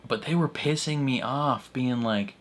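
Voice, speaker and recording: A young man hosting a reaction video, rambling in excited casual commentary with frequent laughs and fillers. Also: medium pitch, measured pace.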